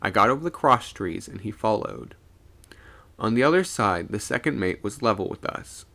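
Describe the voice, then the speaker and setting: Man, low voice, gravelly, very lively intonation, dramatic ghost-story reading. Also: moderate pace. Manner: expressive storyteller voicing each character.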